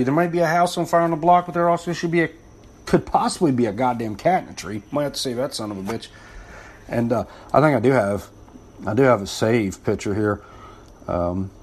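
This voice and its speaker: A man giving an informal talk as a fire service instructor. He is blunt and rambling, and he swears a lot. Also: mid-range voice. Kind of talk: informal spoken lesson.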